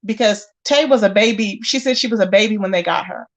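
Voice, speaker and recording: Speaking fairly quickly in a medium-pitched voice, a woman runs a casual gossip livestream. She chats with her viewers directly and exclaims often as she comments.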